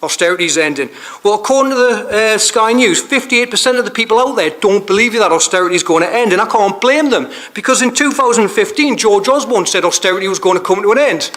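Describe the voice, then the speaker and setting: A man's voice: high voice, fast talker, hardly any pauses, a bit bright. A man giving an angry, impassioned council speech, hammering home the same rhetorical question again and again. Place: council chamber.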